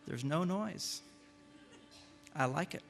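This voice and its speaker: An older man giving a humorous lecture to a live audience, an animated storyteller who acts out the lines he quotes. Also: on the high side, slow, gravelly, heavy background noise. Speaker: speaker giving a talk.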